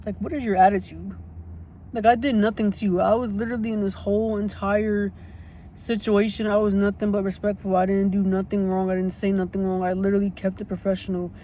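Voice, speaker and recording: Storytime vlogger, mid-range pitch, fired up and repetitive, cursing casually, light background hiss. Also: little pitch movement, brisk, mellow. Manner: blunt and indignant, swears freely; repeats points for emphasis.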